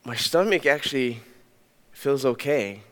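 A young adult male pastor telling a personal story in a sermon, animated and conversational, with many restarts. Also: mid-range voice, unhurried. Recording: long hall reverb.

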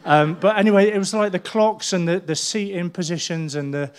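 A man's voice: high voice, fairly quick, clean tone. Brief: middle-aged male pastor, conversational sermon, funny anecdotes. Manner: chatty storytelling with humour.

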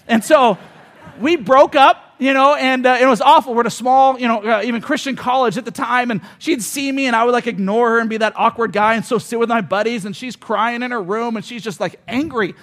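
Guy in his 40s preaching, really high voice, chatty storytelling sermon, leans hard on key points. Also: fairly quick, a bit bright. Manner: conversational, storytelling, emphatic. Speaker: pastor. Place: church hall with audience.

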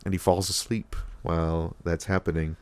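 A man's voice: low voice, level tone, moderate pace, clear, resonant tone, dry recording. A man co-hosting a podcast, recapping a TV episode in a rambling casual chat full of fillers and acted-out quotes. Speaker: podcast co-host.

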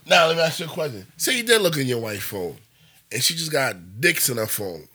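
A man's voice: medium pitch, very animated, a little fast, pushed and bright, slight background noise. A young man in casual chat, blunt and laid-back, asking teasing questions.

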